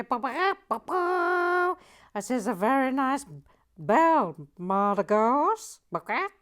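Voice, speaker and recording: A woman putting on Boston Nancy, a brassy, booming lady with a shaky attempt at a Boston accent. She sings out her words high and slow and breaks into nonsense syllables. Her voice sits well above the speaker's usual pitch and carries from a little way off the mic. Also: smooth, heavily acted. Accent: attempted Boston, admittedly poor. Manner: loud, high, drawn-out, scatting nonsense syllables.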